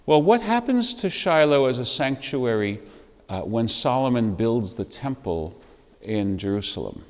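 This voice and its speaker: A man's voice: medium pitch, sing-song, a little slow, in a large hall. A man teaching an adult Bible class in a church, talking conversationally, with wry asides and chuckles, and quizzing his listeners. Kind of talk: adult education lecture.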